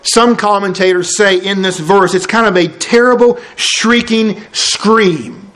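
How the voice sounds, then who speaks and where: A man's voice: high voice, unhurried, a bit bright. A man preaching an expository sermon, emphatic and repeating key phrases for effect.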